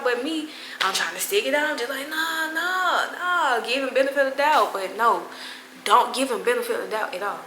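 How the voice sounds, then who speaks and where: A woman's voice: mid-range voice, pushed and bright, reverberant, a little hiss or hum, rough recording. A young woman telling a story to her viewers in casual, slangy chat, with laughing asides. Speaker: vlogger.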